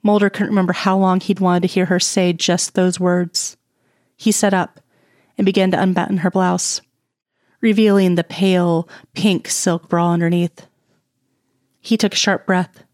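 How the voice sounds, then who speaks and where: A woman with a somewhat low voice narrates a romance story in a soft, even, intimate way. The sound is close and dry, with no room around it. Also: normal speed, dry recording. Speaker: audiobook reader. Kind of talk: reading romance fan fiction aloud.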